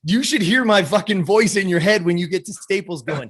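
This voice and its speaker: A man's voice: high-pitched, brisk, hardly any pauses, a bit bright. A man giving a blunt, profane motivational talk as a podcast guest. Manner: blunt, intense, swears often.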